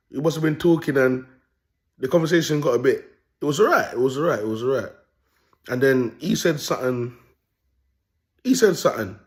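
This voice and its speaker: Young man, casual vlog storyteller, streetwise and animated, middle pitch. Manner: streetwise slang, animated, often asks "you get me". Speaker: self-styled prophet vlogger.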